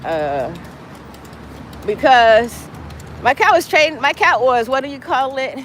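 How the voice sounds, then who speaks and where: A woman's voice: high-pitched, sing-song, takes it slowly, fairly bright tone, a little hiss or hum, low-quality recording. A woman livestreaming as she walks outdoors, talking casually in a meandering, profane way. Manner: profane, meandering, talks to her cat in baby talk. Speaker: live streamer. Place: outdoors on a city street, walking.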